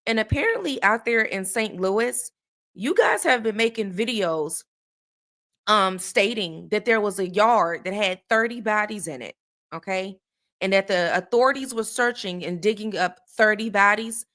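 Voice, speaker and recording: A woman's voice: medium pitch, lively intonation, moderate pace, a bit bright. A woman hosting a true crime live stream in a casual, chatty way. She greets viewers by name and keeps checking in with "okay?". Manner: conversational, checks in with frequent "okay?" tags.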